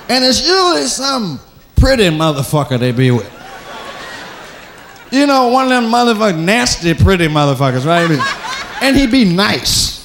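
Animated, profane male stand-up comic. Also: sits high, moderate pace, pauses often, background noise. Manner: profane, loose storytelling; slips into mimicked voices of himself. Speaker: stand-up comedian. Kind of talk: stand-up comedy routine.

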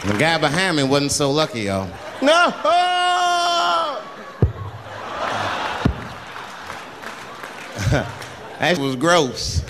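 A man doing a stand-up comedy routine, telling a story in street slang, acting out characters and breaking into loud outbursts. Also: medium pitch, lively intonation, moderate pace, few pauses, a loud crowd, very noisy. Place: live comedy venue. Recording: live club set with audience laughter and long reverb.

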